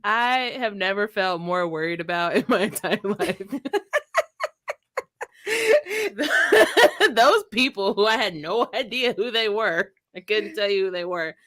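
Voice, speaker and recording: A woman, a show producer telling a story in an animated way and acting out what people said. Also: medium pitch, slow. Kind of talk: casual chat.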